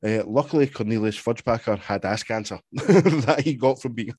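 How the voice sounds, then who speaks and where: A man's voice: mid-range voice, normal speed, darkish tone, breathy edge. A man co-hosting a podcast, reading aloud and bantering with laughter and swearing. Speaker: podcast co-host. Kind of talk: casual chat and reading aloud.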